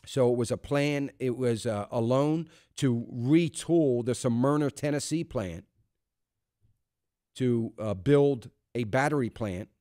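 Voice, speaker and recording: A man's voice: mid-range voice, takes it slowly, mellow, no room sound, clean studio sound. A man hosting a talk radio show, giving emphatic, conversational commentary full of fillers and restarts. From United States. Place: radio studio.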